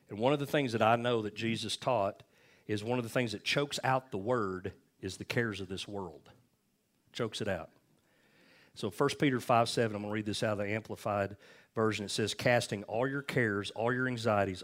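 A male pastor preaching a sermon, telling stories in a folksy, animated way. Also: on the low side.

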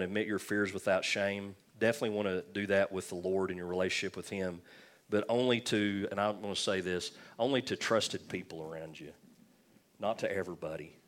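Preacher guy, lowish voice, chatty sermon w/ jokes and lots of restarts. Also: fairly bright tone. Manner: conversational and joking, with frequent restarts. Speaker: pastor.

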